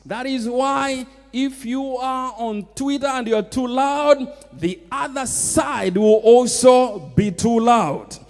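A man's voice: very high voice, steady tone, slow pace, hardly any pauses, darkish tone, in a large hall, soft background music. A man with a Kenyan accent preaching a sermon, emphatic and full of repeated refrains. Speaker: pastor. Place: church.

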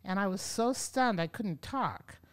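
A woman yoga teacher telling stories as an interview guest, animated and acting out the voices of people she quotes. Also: medium pitch, a little slow. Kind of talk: storytelling in an interview. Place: podcast studio.

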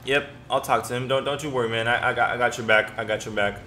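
A young man giving casual gameplay commentary, excitable, often stammering and swearing as he reacts. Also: mid-range voice, fast, faint music behind. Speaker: gaming commentator.

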